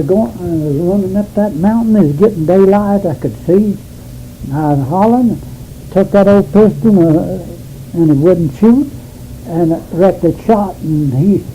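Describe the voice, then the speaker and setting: An older man with a thick drawl spins a rambling, folksy yarn. His voice sits a touch high but sounds dark and mellow, with a faint tape hiss behind it. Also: rough recording. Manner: rambling, folksy, laughs as he tells it. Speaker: interviewee. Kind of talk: storytelling.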